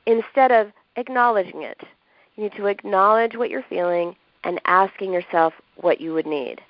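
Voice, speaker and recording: A woman's voice: medium pitch, normal speed, dry recording. A woman who is a doctor and author, explaining ideas as a podcast guest, acting out what people say. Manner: warm, explanatory, acts out quoted speech with laughs. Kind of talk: advice in a podcast interview. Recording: dull lo-fi sound.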